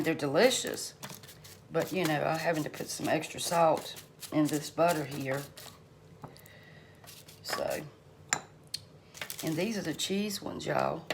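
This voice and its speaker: A middle-aged woman talks her viewers through a recipe in her home kitchen, calling them y'all in a relaxed, folksy way. Her voice sits a bit low and she speaks slowly. There is clear background noise in the recording. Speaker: home cooking channel host. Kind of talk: casual cooking vlog chat.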